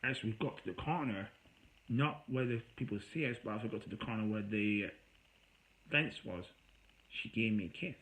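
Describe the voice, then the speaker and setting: A man telling an emotional personal story to camera, agitated and rambling, his voice rising high when he gets worked up. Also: normal speed, a bit bright, poor audio. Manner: agitated, rambling, with raised voice when quoting himself; self-described voice that gets high when upset. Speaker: vlogger.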